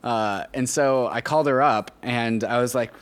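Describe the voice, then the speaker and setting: A man's voice: medium pitch, normal speed. A man co-hosting a podcast in casual chat, laid-back and chuckling as he tells stories. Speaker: podcast co-host.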